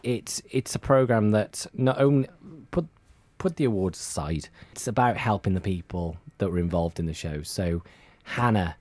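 A man's voice: fairly low pitch, lively intonation, normal speed, hardly any pauses, darkish tone, dry recording. A man chatting in a radio interview, rambling and repeating words as he tells stories. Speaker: hospital radio presenter. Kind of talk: casual radio interview chat.

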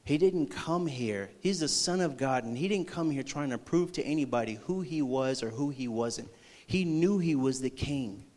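A man preaching a sermon, acting out a movie scene with energy before turning slow and earnest. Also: mid-range voice, lively intonation. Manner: slows and softens into earnest preaching. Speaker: youth pastor.

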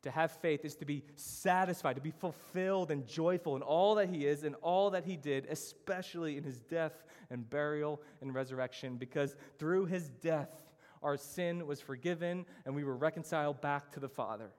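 Speaking with hardly any pauses at a moderate pace, a pastor delivers an earnest, emphatic sermon, listing out his points. His voice is a little high and a little mellow, echoing with the long reverb of a church hall.

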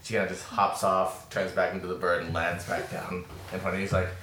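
A man narrating a tabletop game as game master, halting and restarting as he goes. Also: low-pitched, level tone, a crowd in the background. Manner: halting, with many fillers and restarts. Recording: roomy echo with faint hiss.

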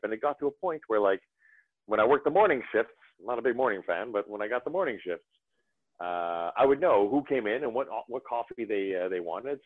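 A man with a fairly low voice talks loosely and with energy, often restarting his sentences. The sound is dry and narrow, like a phone line. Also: dry recording. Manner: animated, rambling with restarts. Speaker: podcast guest. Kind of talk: casual conversation.

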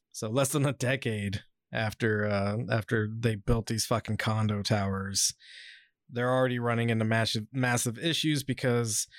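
A man's voice: medium pitch, no echo, clean studio sound. A man hosting a casual podcast, rambling with lots of fillers and swearing, sometimes reading an article aloud. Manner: reads article passages aloud. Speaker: podcast host.

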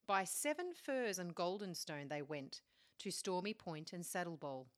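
A woman co-hosting a book chat who reads a folk tale aloud in a measured, clear way. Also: fairly low pitch, animated. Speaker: podcast co-host. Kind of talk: casual chat and storybook reading.

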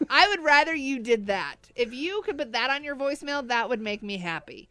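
A woman's voice: high voice, lively intonation, moderate pace, a bit bright, clear, resonant tone, dry recording. A woman co-hosting a radio show, teasing her partner in casual, dry banter. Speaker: radio co-host.

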